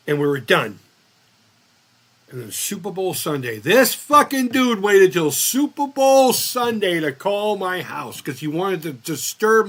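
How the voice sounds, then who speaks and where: A man with a somewhat high, bright, husky voice hosts a casual livestream chat. He rambles through long stories and swears freely.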